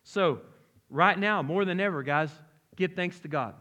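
Pastor preaching with a fairly high voice. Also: male voice, measured pace. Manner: lively, conversational preaching with humor and direct questions to the congregation. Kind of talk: sermon. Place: church sanctuary.

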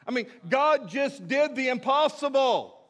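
A man's voice: very high-pitched, animated, a little slow, fairly bright tone, muffled recording. A male pastor preaching a sermon in an emphatic, repetitive way.

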